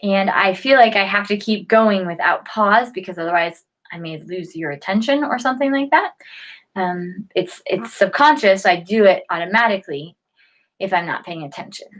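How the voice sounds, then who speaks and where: With a mid-range, fairly bright voice at a moderate pace, a woman explains health topics directly to camera in a relaxed, conversational style. She yawns frequently, often restarts, and leans on "um" as a filler. Audio quality is poor.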